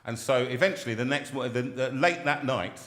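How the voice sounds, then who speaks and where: A man hosts a casual live chat, rambling and restarting as he goes, often laughing mid-sentence. His voice is bright and forceful. The sound is roomy, with a long reverb tail. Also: mid-range voice, fairly quick. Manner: chatty, restarts often, laughs while talking. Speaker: host.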